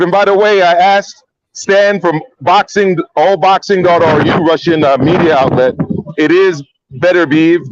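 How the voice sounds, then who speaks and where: A man's voice: on the high side, dry recording. A man in a casual chat, joining remotely and giving a blunt, direct take while often repeating his words. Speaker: guest analyst. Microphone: remote call. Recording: dull lo-fi call audio.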